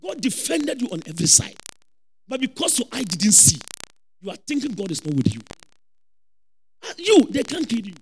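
A man preaching a lively sermon with a Ghanaian accent, repeating phrases and shouting for emphasis. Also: extremely high pitch, moderate pace, pauses often, slight background noise, low-quality recording.

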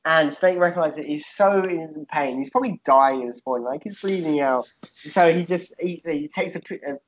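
A man's voice: a little high, normal speed, highs cut off. A man in casual chat, telling a rambling made-up fight story with lots of swearing and "yeah?" tags.

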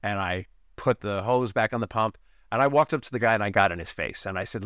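A man's voice: lowish voice, fast talker, a bit bright, no echo, clean studio sound. A man hosting a podcast as a relationship coach, talking in a conversational way and often checking in with the listener. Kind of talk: podcast monologue with personal stories.

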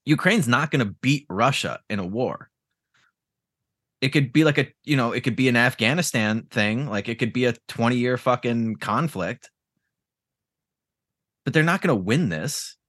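A man's voice: medium pitch, animated, moderate pace, long pauses, fairly bright tone, no echo, clean studio sound. A man in casual podcast chat, ranting with profanity and sarcasm.

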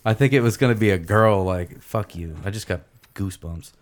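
A young man with a fairly low voice tells a story on a casual podcast. He swears freely and acts out each part of it with energy. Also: a little fast. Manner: profane, animated storyteller. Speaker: podcast co-host.

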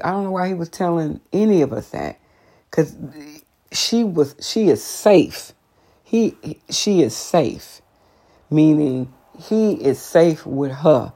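A woman, telling a workplace story to her viewers in a chatty, sassy, sidetracked way, jumping high for emphasis. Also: lively intonation, takes it slowly, warm tone. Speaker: vlogger.

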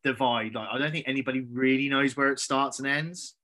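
A man from southern England, a podcast guest, telling stories in a blunt, sweary, animated way during a casual chat. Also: mid-range voice, brisk. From Andover, southern England.

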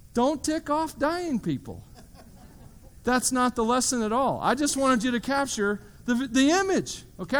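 Animated high-voiced preacher man. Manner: animated storytelling with joking asides. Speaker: pastor. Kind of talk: sermon.

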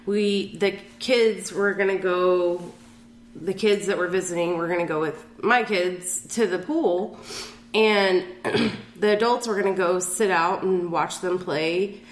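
A woman's voice: lowish voice, unhurried. A woman co-hosting a casual family podcast, telling stories and teasing with a laugh. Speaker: podcast co-host, mom. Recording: roomy echo.

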